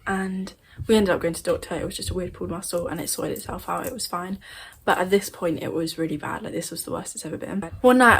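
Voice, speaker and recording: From her bedroom at home, a young woman vlogger tells a spooky story in a chatty, rambling way, correcting herself as she goes. Her voice is medium-pitched, with slight background noise.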